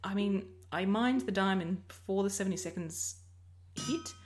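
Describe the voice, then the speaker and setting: A woman's voice: mid-range voice, normal speed, over music. Rambling Australian woman gaming commentary. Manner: rambling, self-interrupting, chatty. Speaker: Minecraft let's player. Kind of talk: casual gameplay commentary.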